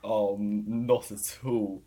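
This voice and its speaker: A young man, a student guest chatting casually, relaxed and self-deprecating. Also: fairly low pitch, slow, crowd noise. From Surrey, England. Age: young adult. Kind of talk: casual interview chat.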